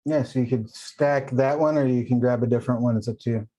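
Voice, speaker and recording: A man acting as game master of a tabletop game, explaining rules and options patiently and in a measured way. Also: mid-range voice, fairly even intonation, dark tone. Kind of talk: running a tabletop game online.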